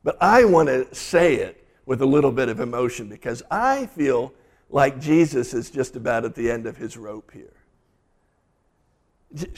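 A man, a pastor, delivering a sermon and retelling scripture in a lively storytelling way. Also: medium pitch, moderate pace.

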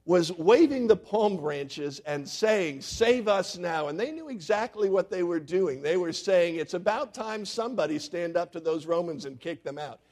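A man preaching a sermon from the front of a church sanctuary. His voice sits a little on the high side, and he moves from ringing emphasis to quiet, confiding asides. He keeps turning to the congregation with quiz questions. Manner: animated preaching, quizzing the congregation, swings from loud to hushed. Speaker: pastor.

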